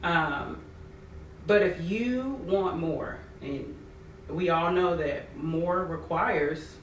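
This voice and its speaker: A woman who is a podcast guest, giving measured, reflective advice in a casual chat. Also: fairly low pitch, a little hiss or hum. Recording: roomy, distant mic.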